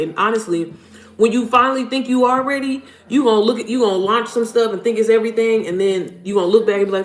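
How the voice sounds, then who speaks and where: This woman talks fast in a fairly high-pitched voice. She's a chatty, blunt livestream host and mom business coach who swears casually and calls her viewers "y'all" during a casual stream. The audio is roomy, from a home setup with faint music.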